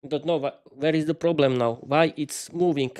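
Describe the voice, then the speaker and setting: A man with a slightly higher than usual voice rambles casually to his live-stream viewers. He stumbles and restarts his sentences often, stuttering through his words, and speaks into a desk microphone in a small home studio. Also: fairly even intonation, moderate pace, darkish tone. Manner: hesitant, stuttering, many restarts; chatty, talks to viewers while fiddling with lighting. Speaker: podcast host.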